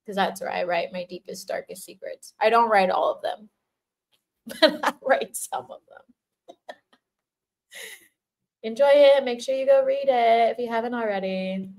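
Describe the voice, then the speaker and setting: Signing off a casual livestream, an older woman who serves as her viewers' spiritual teacher chats with them in a playful, giggly way, laughing often. Her voice is slightly high and a little mellow, and she speaks a little slowly with frequent pauses.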